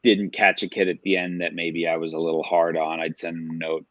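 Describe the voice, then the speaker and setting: Guesting on a podcast for a casual interview chat, a middle-aged author and youth sports coach talks earnestly and conversationally, illustrating with examples. His voice is low, a bit bright, brisk, and completely flat in delivery, captured in a dry, muffled recording.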